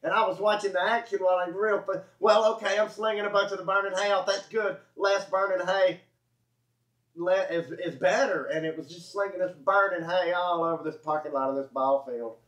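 A man's voice: high-pitched, fairly even intonation, brisk, fairly bright tone. A man with a Southern US accent telling a rambling, chuckling farm story, often correcting himself mid-sentence. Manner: rambling, self-correcting, chuckling folksy delivery. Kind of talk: casual spoken anecdote. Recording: echoey room, dull lo-fi audio.

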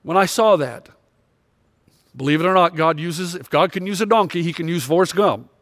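A man's voice: on the high side, moderate pace, a bit bright, no room sound, clean studio sound. A male pastor preaching a sermon with impassioned, confessional storytelling.

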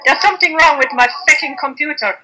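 A woman's voice: high voice, quick pace, bright, forceful tone, slight background noise, low-quality recording. An Irish woman calling in to an online talk over a video call, chatty, rambling and self-deprecating. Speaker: caller.

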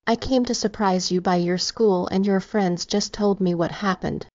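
A woman's voice: medium pitch, fairly even intonation, moderate pace, a little mellow, dry recording, natural voice. A woman reading a worried young brother. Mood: urgent. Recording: slightly dull, dry recording.

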